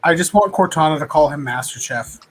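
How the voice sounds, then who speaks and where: A man's voice: on the high side, fairly quick, a little hiss or hum. Chatty man telling a rambling story. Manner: rambling storyteller, mimics others in anecdotes. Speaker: podcast co-host. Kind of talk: casual chat.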